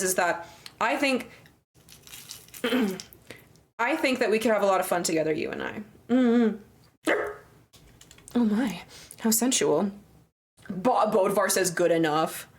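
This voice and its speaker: A young woman livestreamer chatting casually with her viewers, crude, joking and playful. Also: mid-range voice. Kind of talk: casual stream chat.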